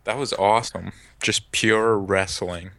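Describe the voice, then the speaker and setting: A man co-hosting a casual podcast chat, blunt and deadpan, swearing freely. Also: on the low side, a little slow, creaky, no echo. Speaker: podcast co-host.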